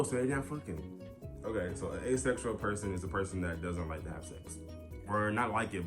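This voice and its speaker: A young man, chatting on his vlog in an animated, profane, ranting way. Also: low-pitched. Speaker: YouTuber. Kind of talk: casual vlog talk.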